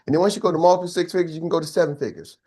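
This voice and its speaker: An older man coaches a live business masterclass with energy, repeating key phrases and prompting his audience to respond in call-and-response style. His slightly high voice races along.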